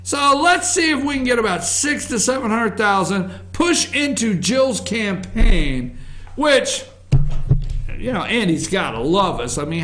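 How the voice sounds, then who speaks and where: A man hosting an opinion talk show, delivering political commentary in a folksy, sarcastic manner with animated asides. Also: high-pitched. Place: studio office.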